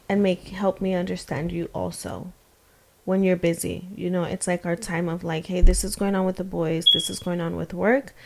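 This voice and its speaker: Woman, 30s, podcast co-host, reflective and gentle delivery, some vocal fry. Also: fairly low pitch. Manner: reflective, soft-spoken, laughs often. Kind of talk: casual faith chat.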